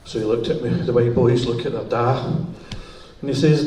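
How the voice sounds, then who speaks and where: A middle-aged Glaswegian man tells crude stand-up stories in a mellow, relaxed voice. He sits back from the microphone, and his words ring around a roomy hall with a faint hiss underneath. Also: mid-range voice, moderate pace, distant mic. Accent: Glaswegian Scottish. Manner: bawdy, swearing, conversational. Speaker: stand-up comedian. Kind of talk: stand-up comedy storytelling. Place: music hall.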